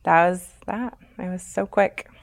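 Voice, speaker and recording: A young woman talking as a guest, telling a personal story frankly, with halting pauses and many fillers. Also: fairly low pitch, creaky.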